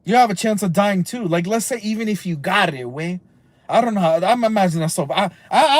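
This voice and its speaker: A man ranting on a livestream, rambling and cursing, dropping Spanish slang, swinging from loud outbursts to low mutters. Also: lively intonation, fast talker, dry recording. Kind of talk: casual rambling livestream rant.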